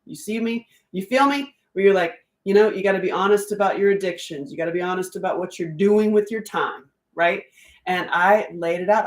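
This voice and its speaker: A middle-aged woman talks frankly into a live-stream mic, chatty and quick to laugh. Her mid-pitched voice keeps checking in with listeners. The room behind her rings with echo. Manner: candid, chatty, laughs often, asks listeners if they relate. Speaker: self-help workbook host. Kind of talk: casual live-stream talk. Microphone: phone or webcam during a live stream.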